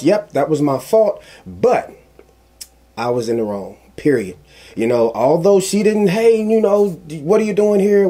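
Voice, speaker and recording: A man giving casual commentary, telling a personal story in an animated, emphatic way that repeats phrases for emphasis. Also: on the high side. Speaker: commentary vlogger.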